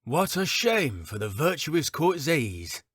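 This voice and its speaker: A gossipy innkeeper who chuckles through his talk, as a man acts him out, his voice pitched up above the narration and swinging up and down. He is knowing and friendly, leaning in to share rumors. It is a dry, close audiobook read. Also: sing-song, slow pace, a bit bright, breathy edge, no echo, heavily acted. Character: chuckling middle-aged male innkeeper, gossipy. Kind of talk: audiobook character reading.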